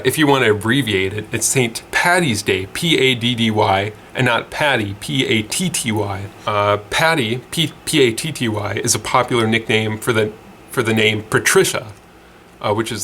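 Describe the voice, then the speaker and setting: A man's voice: fairly low pitch, moderate pace, pushed and bright, a little hiss or hum. A man hosting a casual weird-news show, chatty and rambling with lots of fillers and restarts. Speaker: host.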